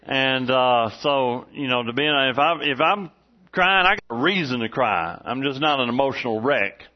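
A pastor in his forties gives a folksy, conversational sermon to his congregation in a church sanctuary, filling it with lots of "uh"s. His medium-pitched voice has lively intonation and normal speed, and the recording sounds dull and slightly muffled.

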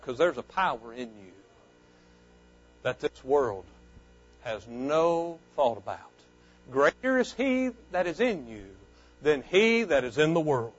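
A man preaches to his congregation in a high voice. His delivery swells loud and fervent, then drops low and soft. The recording sounds dull and lo-fi. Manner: fervent preaching that rises and falls. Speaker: pastor. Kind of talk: sermon.

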